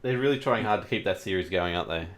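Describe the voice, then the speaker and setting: Deep-voiced man leading a podcast. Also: animated, quick pace. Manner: leads the talk, steers topics. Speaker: podcast host. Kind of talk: casual panel chat.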